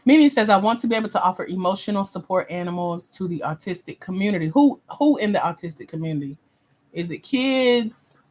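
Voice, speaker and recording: A woman's voice: medium pitch, expressive, fairly quick, a little mellow. A woman hosting a livestream as a grant coach, reading viewer comments aloud and giving blunt, sassy feedback in casual slang.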